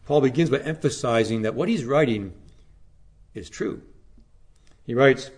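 Lively-voiced male pastor preaching. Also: mid-range voice. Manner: slow, emphatic preaching with hushed, falling phrase endings. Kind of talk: sermon.

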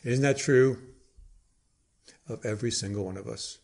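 A man preaching a sermon in a dramatic way, with emphatic pauses and sudden drops to a hush. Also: medium pitch, gravelly.

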